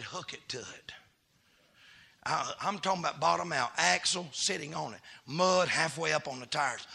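A middle-aged man, a pastor telling folksy stories that build into shouted preaching. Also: on the high side, vocal fry, slightly rough. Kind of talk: sermon.

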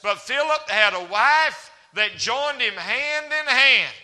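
A man's voice: very high voice, expressive, takes it slowly, bright, forceful tone. A man preaching a folksy, humorous sermon as a traveling evangelist in a church. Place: church hall. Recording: reverberant church hall.

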